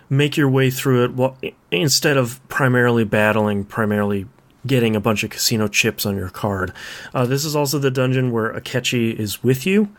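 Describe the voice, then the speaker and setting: A man hosting a casual game podcast, laid-back, with lots of ums and short agreements. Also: medium pitch.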